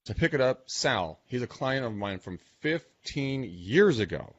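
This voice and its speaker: A man hosting a casual interview, telling stories in an animated way. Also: medium pitch, moderate pace, dry recording. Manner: animated storytelling. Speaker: podcast host. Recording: dull lo-fi sound.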